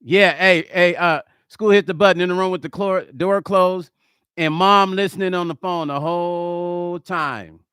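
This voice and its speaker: A middle-aged man, a musician and producer, chatting casually in a vlog while he builds a track, excitable and slangy, forever saying hold on. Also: sits high, a little slow, smooth, no room sound, clean studio sound. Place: music studio.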